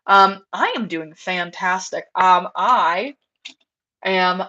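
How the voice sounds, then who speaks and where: A woman's voice: lowish voice, takes it slowly, pushed and bright, lo-fi sound. A young American woman chatting casually on a livestream through a headset, rambling with lots of fillers and asides. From United States. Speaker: livestream host, rabbit breeder.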